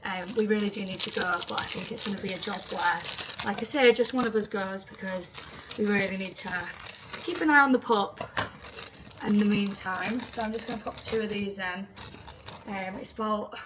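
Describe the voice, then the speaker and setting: A woman's voice: medium pitch, moderate pace, background noise. A young woman in her twenties, chatting casually and rambling a little in a home vlog. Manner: chatty, rambling, self-deprecating. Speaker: vlogger.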